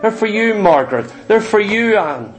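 A man's voice: high voice, very animated, normal speed, soft background music. A middle-aged man preaching a sermon in church, telling stories with emphatic repetition. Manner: storytelling, emphatic, repeats phrases.

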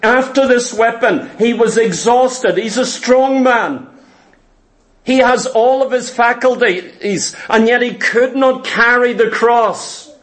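High-voiced man preaching earnestly. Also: slow. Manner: earnest, emphatic, asks the listeners questions. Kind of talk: sermon.

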